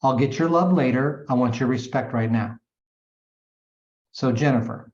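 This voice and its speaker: A man's medium-pitched, slightly mellow voice moves at a moderate pace as he fires up his team in a coaching talk. Emphatic and repetitive, he leans on punchy sound words and calls the listeners gang and guys. The room recording sounds dull and echoey.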